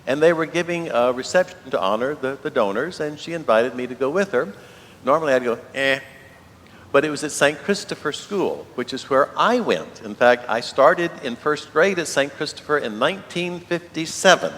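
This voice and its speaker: A man's voice: expressive, normal speed, a bit bright. A man, a priest giving a homily in an easygoing, storytelling way with rhetorical questions. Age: 70s. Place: large church. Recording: long church reverb, faint rumble.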